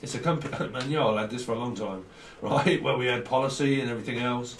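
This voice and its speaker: A man's voice: mid-range voice, quick pace, fairly bright tone, distant mic. Man, tarot reader, rambling and free-associating, roomy echo, faint hiss. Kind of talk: casual tarot reading monologue. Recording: roomy sound, off-mic, faint background hiss.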